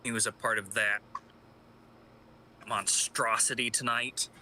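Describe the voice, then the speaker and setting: Guy reading as robin, sulky defiant young vigilante, super bright sharp voice. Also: fairly even intonation, a little slow, a little hiss or hum. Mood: sullen. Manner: sullen, low-voiced, bursts into angry shouting. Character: young male vigilante sidekick, brooding and defiant. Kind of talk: live read of a fan audio drama.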